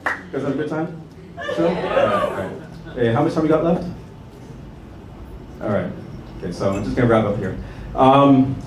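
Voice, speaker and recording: A man from Canada performing a stand-up comedy set, telling stories animatedly and acting out voices. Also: medium pitch. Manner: animated storytelling with acted-out voices. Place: comedy club stage with audience laughter. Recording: echoey club room from a distance with noise.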